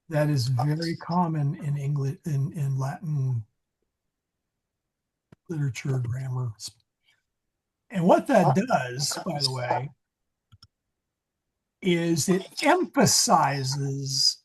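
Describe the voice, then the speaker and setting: A man teaching a Latin grammar class, talking in a digressive way and often correcting himself. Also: fairly high pitch. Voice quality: very husky. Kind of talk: classroom lesson. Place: church meeting room.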